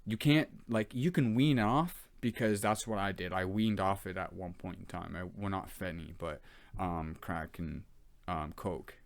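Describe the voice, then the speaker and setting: A man's voice: low-pitched, measured pace. A man talking bluntly and candidly in a rambling monologue, full of fillers, restarts and swearing. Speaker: vlogger.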